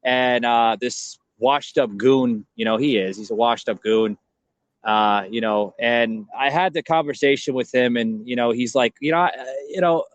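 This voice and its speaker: A man's voice: medium pitch, moderate pace, no echo. A middle-aged man hosting a podcast, talking casually and rambling with constant "you know" and "like". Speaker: podcast host.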